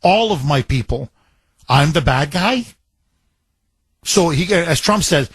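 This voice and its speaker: A man's voice: fairly high pitch, animated, takes it slowly, pauses often, husky, no room sound. A man hosting a talk radio show, emphatic and repetitive, piling up phrases into a studio mic.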